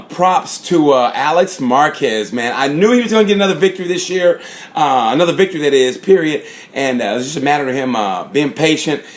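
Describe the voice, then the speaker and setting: A man giving a casual, rambling recap of motorcycle races, full of fillers and shout-outs. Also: fairly high pitch. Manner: rambling, lots of fillers and "props". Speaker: motorsport fan reviewer. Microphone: phone or camera mic.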